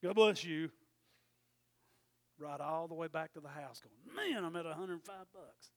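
A man preaching in a high, gravelly voice. He tells a personal story and moves between quiet, close storytelling and loud, emphatic preaching. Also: normal speed.

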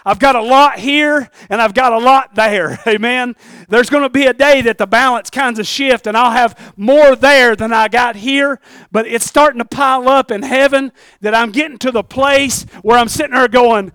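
A man preaching a sermon in an earnest, halting way, often repeating words and dropping low and quiet on tender lines. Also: smooth, no room sound.

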